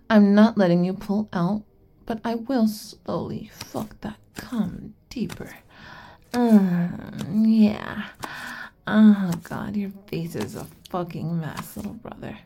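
A woman playing a slow, gravelly, domineering older-sister figure. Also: medium pitch, mellow. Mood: soft, whispery. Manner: commanding, teasing, slow and breathy. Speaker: audio role-play performer. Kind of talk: adult audio role-play.

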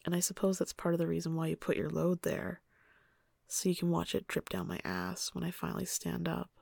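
Gravelly hushed young woman. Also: lowish voice, little pitch movement, no echo, studio quality. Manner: soft, hushed delivery that often drops to a whisper; chatty and halting with fillers when speaking off-script. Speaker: audio story narrator. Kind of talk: intimate first-person narration.

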